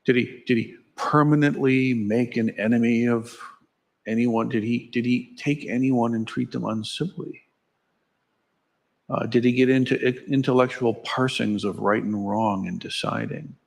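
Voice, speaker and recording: A man's voice: medium pitch, gravelly, breathy edge. A man giving a conversational dharma talk at a temple, wry and asking his listeners questions. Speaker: dharma teacher. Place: temple hall.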